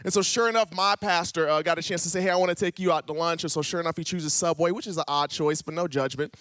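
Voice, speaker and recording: A man from Ohio, a youth pastor, telling a personal story in a sermon and acting out the dialogue with lively swings in pitch. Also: quick pace, smooth, no echo, clean studio sound. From Ohio, USA. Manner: animated, acts out dialogue with big pitch jumps. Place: church auditorium.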